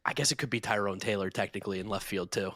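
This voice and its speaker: A man co-hosting a podcast, joking and chiming in quickly. His voice is bright and a bit tense, and he talks fast. The recording is close and dry. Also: fairly low pitch, no echo. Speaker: podcast co-host. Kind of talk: casual chat.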